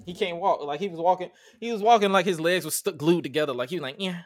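A man's voice: on the high side, fast, no room sound. A man co-hosting a wrestling podcast, talking casually and animatedly, swearing and acting out quotes. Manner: animated, profane, acts out quotes. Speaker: podcast co-host.

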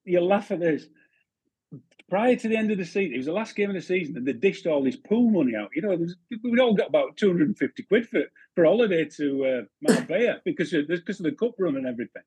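This former goalkeeper in his fifties has a high, somewhat mellow voice with a breathy edge, lively intonation, and a fast pace, captured in a dry recording. Appearing as a podcast guest, he tells chatty football stories in casual conversation, frequently restarting and laughing.

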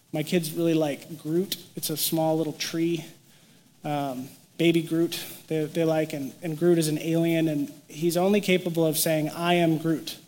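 A man's voice: on the high side, in a large hall. A man preaching a sermon as pastor, telling stories with animation and acting out quoted lines. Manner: animated storytelling, acts out quotes.

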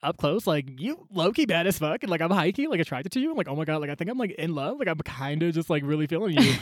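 Young man doing a soft, smitten Sasquatch. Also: a little high, sing-song, quick pace, no echo, studio quality. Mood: gushing. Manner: soft, gushing, slangy. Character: smitten clumsy Sasquatch creature.

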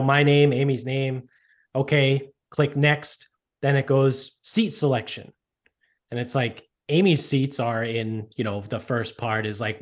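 A man casually telling a rambling, profane story about an airport mix-up, full of asides and filler words. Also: medium pitch. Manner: profane, rambling, animated retelling. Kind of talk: casual chat.

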